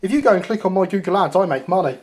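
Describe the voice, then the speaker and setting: A man's voice: high-pitched, very fast. A man hosting a casual live stream while building a model railway, joking at his own expense. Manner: self-mocking, jokey, lively.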